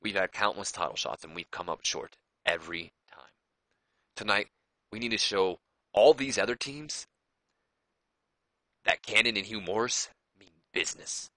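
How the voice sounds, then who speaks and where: A man's voice: lowish voice, normal speed, pauses often, pushed and bright, no echo. A man voicing an eager male wrestler giving his tag partner an insistent pep talk. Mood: determined.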